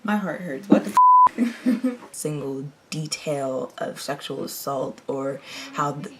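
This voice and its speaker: Slow-talking woman vlogger muttering to herself. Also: low-pitched, animated, darkish tone. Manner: frantic pleading, muttering asides, half-whispered curses. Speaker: TV reaction vlogger. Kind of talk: casual chat to herself while setting up. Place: home room by her chair, dog nearby.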